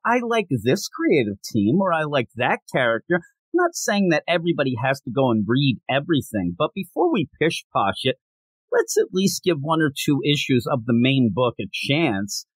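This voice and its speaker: Slightly rough and mid-range, this man's voice comes through a dry recording. He hosts a comic book podcast and reviews comics, delivering jokey, informal commentary that keeps veering into tangents and chatty asides.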